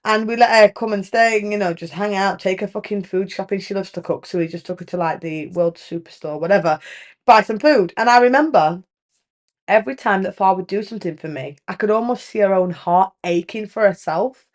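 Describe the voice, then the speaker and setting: A woman in her thirties with a British accent, hosting a podcast in frank, animated casual chat, swearing freely and acting out what others say. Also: mid-range voice, fairly quick. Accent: British English. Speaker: podcast host.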